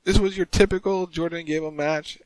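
A man co-hosting a casual wrestling podcast, reading tweets aloud in a wry, deadpan way. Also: fairly high pitch, brisk, dry recording. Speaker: podcast co-host.

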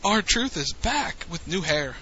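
A man hosting a casual wrestling recap podcast, relaxed and teasing, recounting matches play by play. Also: on the high side, slow pace, highs cut off, a little hiss or hum. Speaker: podcast host.

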